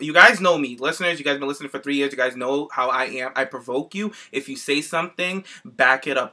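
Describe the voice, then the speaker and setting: Man, podcast co-host, sassy storytelling, very bright tone, casual chat. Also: fairly high pitch.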